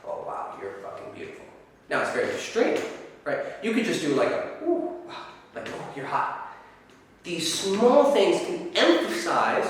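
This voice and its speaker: A man's voice: fairly high pitch, a bit bright. A man teaching dating advice to camera, swearing freely and acting out his examples. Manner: profane, demonstrative, acts out examples. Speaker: dating coach. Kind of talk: instructional talk to camera. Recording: echoey hall, far from mic.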